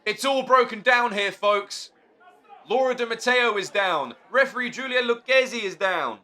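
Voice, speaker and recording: Excitable high-voiced male wrestling commentator. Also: normal speed, a faint crowd. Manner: excitable, shouting at big moves. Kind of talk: play-by-play commentary.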